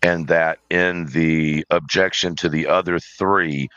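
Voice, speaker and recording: A man speaking as a panel guest on a livestream, in a measured, cautious way with frequent ums. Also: sits low, steady tone, fairly bright tone, smooth, dry recording. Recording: dull lo-fi dry call audio.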